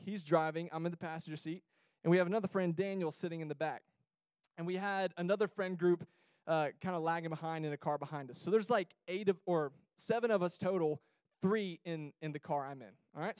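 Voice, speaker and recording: A young man giving a storytelling sermon to a young audience, lively and acting out the people in his stories. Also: high-pitched, clear, resonant tone, dry recording. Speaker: youth speaker.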